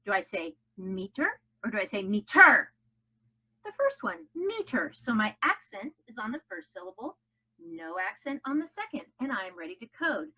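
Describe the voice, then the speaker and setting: A woman's voice: medium pitch, big pitch swings, brisk, a bit bright, husky. A woman teaching a phonics lesson to children, upbeat and coaxing them to chant along. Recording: dull lo-fi home video audio.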